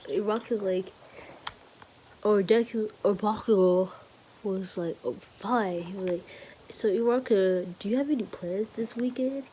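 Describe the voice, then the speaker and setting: A woman's voice: mid-range voice, dark tone, a little hiss or hum. A woman casually telling a made-up fan story, rambling with lots of "like" and restarts.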